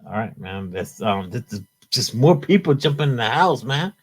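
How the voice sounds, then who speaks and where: A man's voice: medium pitch, very animated, moderate pace, breathy edge, no echo, studio quality. A man hosting a casual live stream, chiming in with laid-back slang. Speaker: host.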